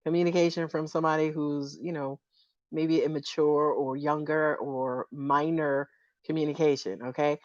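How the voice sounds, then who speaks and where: A woman doing a live-stream tarot reading, sassy and animated and laughing often. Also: low voice, normal speed, no room sound, muffled recording. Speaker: tarot reader.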